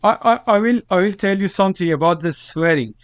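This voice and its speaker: High-voiced man with an Iranian accent. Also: clean tone, no room sound, clean studio sound. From Iran. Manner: halting non-native English with many fillers and restarts, agitated when quoting. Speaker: journalist, interview guest. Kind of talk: recounting events in an interview.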